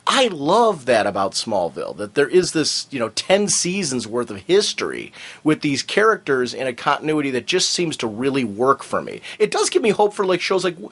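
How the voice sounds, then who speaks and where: A man's voice: medium pitch, normal speed, few pauses. A man co-hosting a fan podcast in casual chat, talking in a rambling way with lots of fillers. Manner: animated, rambling with many fillers. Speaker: podcast co-host.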